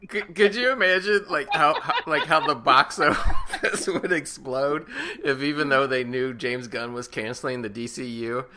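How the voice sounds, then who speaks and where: Casual co-host: man with a mid-pitched, bright voice, quick with sarcastic quips. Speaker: podcast co-host. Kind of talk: casual movie chat.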